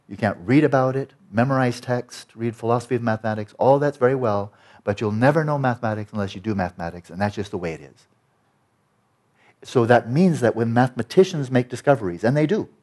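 A man's voice: lowish voice, a little mellow. A man teaching about meditation in an emphatic, explanatory lecture style, often checking in with "right?".

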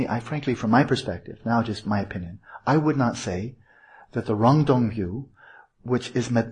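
A man with a deeply husky, breathy voice delivers a meditation teaching at a mid-range pitch. He wanders and corrects himself mid-sentence, then drives points home with rhetorical questions. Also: darkish tone. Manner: digressive, self-correcting, asks rhetorical questions. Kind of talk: informal Buddhist teaching talk.

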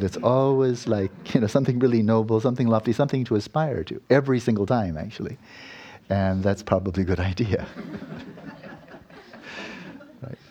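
A man giving a Buddhist dharma talk and guiding a meditation. He talks in an unhurried, rambling way, often adding tag questions and soft laughs. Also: fairly low pitch, breathy edge. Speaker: meditation teacher.

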